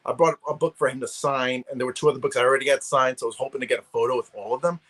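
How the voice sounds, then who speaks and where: A man's voice: medium pitch, steady tone, racing, fairly bright tone, rough recording. Rambling New man on a call. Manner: rambling, many restarts and fillers. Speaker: guest collector. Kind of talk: casual chat.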